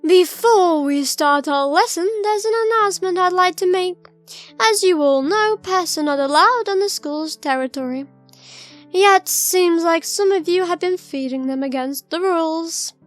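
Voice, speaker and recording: A woman's voice: very high-pitched, unhurried, faint music behind. A woman putting on a stern lecturing teacher. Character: stern school teacher making an announcement.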